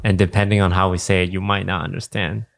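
A man's voice: deep voice, little pitch movement, fast, creaky. A man co-hosting a podcast in a casual chat, dry and teasing as he leads the segment. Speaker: podcast co-host.

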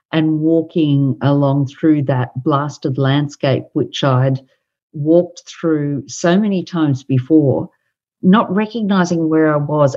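A woman and author talking casually on a podcast, thoughtful and hesitant with many pauses and fillers. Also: low voice, warm tone, highs cut off. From Australia. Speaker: author and guest.

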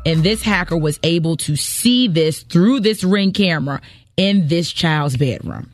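A woman's voice: fairly low pitch, expressive, unhurried, dry recording, studio quality, faint music behind. A woman hosting a morning radio show, chatting casually and emphatically, exclaiming as she tells a story. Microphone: studio microphone.

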